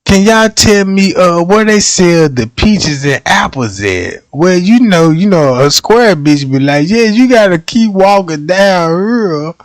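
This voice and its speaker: Male streamer, high voice, dry close sound, laughs a lot and riffs on what he sees. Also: expressive, dry recording. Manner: slangy, laughs often, acts out quick bits. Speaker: livestream host. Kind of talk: laughing reaction commentary.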